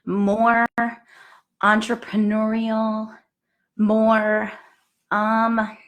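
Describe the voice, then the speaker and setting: A woman hosting a live stream, bubbly and excitable, chatting with her viewers. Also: a little high, drawn-out words. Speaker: fitness business show host. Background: faint music.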